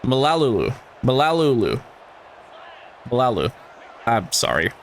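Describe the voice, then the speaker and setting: A man's voice: on the high side, sing-song, moderate pace, a bit bright, slight background noise. A man giving casual gameplay commentary, swearing and ranting at the game with exasperation. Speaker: gaming YouTuber.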